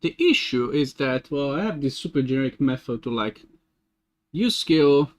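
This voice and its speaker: A man streaming game development, thinking aloud in a casual, halting way as he works through code. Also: medium pitch, lively intonation. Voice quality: muttering to himself, halting restarts.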